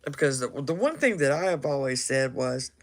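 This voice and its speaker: A man's voice: mid-range voice, sing-song, normal speed. A man casually telling a story, laughing often and acting out what people said.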